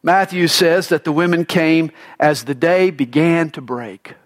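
A male pastor delivering a sermon in an emphatic, dramatic preaching manner, swinging between loud declarations and hushed drops. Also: a little high, a little slow.

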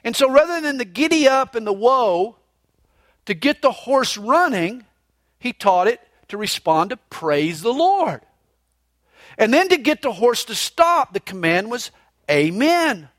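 A male pastor preaching a sermon with emphatic, animated delivery and a lighthearted story. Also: very high voice, normal speed, dry recording, studio quality. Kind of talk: sermon with humorous anecdote.

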